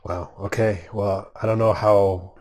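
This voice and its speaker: A man's voice: on the low side, fairly even intonation, measured pace, a little mellow, a little hiss or hum. A man playing a tabletop role-playing game, describing his character in trailing, hesitant phrases. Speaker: player.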